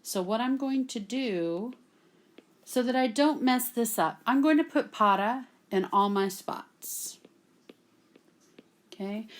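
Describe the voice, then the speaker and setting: A woman from Texas with a medium-pitched voice teaches a Latin grammar lesson at a classroom whiteboard. She patiently checks in with "okay?" after nearly every point.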